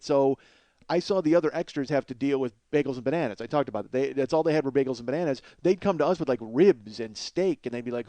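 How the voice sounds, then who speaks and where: A male comedian spins a profane, excitable story on his podcast. He laughs through it, and his voice sits fairly high. The sound is dry and close. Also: dry recording. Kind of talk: comic storytelling monologue.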